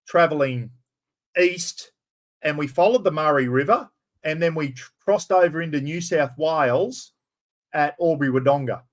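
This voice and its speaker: An Australian man hosting a casual live stream, loud and rambling, swearing freely as he chats. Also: a little high.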